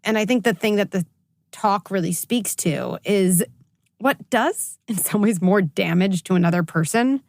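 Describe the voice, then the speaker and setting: A woman clinical psychologist in her forties, talking as a guest in an interview and telling stories with lively quoted voices. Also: medium pitch, dry recording, clean studio sound. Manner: animated storytelling, acts out quoted voices. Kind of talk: conversational interview.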